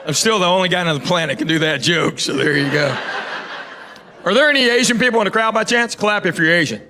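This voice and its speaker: A middle-aged man with a Southern US accent doing a stand-up set, telling stories in a drawling, deadpan way and acting out dialogue. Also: high-pitched, fast, slight background noise. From Tennessee, US South. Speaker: stand-up comedian. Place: large theater stage before a live audience. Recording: echoey live room, loud crowd laughter.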